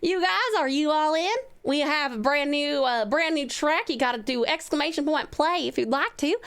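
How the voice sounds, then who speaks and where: A woman's voice: high voice, moderate pace, a bit bright. A woman streamer putting on a folksy US Southern accent as a playful persona during live game commentary. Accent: US Southern, put on. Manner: folksy, drawling, affectionate.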